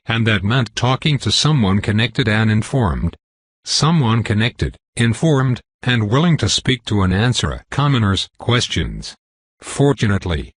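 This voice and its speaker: Male audiobook narrator for a fantasy novel: measured, low, slightly husky. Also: a bit bright, no echo. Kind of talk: first-person web novel narration.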